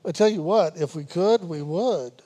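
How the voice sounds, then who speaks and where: A man giving a spiritual meditation talk, unhurried and repetitive, gently teasing his listeners and laughing now and then. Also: fairly high pitch. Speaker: spiritual teacher.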